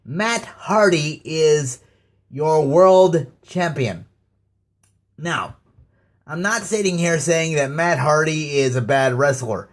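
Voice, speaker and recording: A man ranting casually to his viewers about wrestling, halting and stammering with many fillers. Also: a little high, expressive. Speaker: YouTube ranter. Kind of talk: casual rant to camera.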